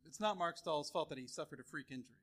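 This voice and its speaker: Fast-talking earnest man. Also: fairly high pitch, a crowd in the background. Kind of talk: live podcast banter.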